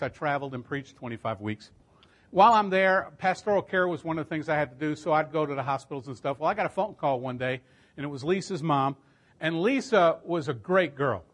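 High-voiced, emphatic middle-aged preacher man. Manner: emphatic, swelling louder and higher at key points. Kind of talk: storytelling sermon.

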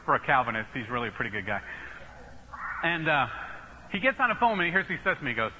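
A middle-aged man from the northeastern United States, a Baptist preacher telling an animated, emphatic story in a sermon with self-mocking humor. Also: mid-range voice, fast, a little hiss or hum, poor audio.

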